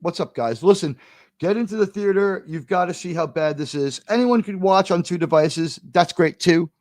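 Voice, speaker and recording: High-voiced man ranting sarcastically. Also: moderate pace, no echo, clean studio sound. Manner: animated, sarcastic ranting with swearing. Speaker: show host. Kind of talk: livestream watch-party commentary.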